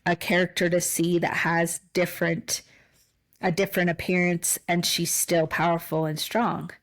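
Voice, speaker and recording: Woman podcast cohost, low-ish voice, thoughtful and kinda emotional, lots of restarts. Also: little pitch movement, moderate pace, poor audio. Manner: reflective, gets emotional, many restarts. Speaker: podcast co-host. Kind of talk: casual conversational podcast.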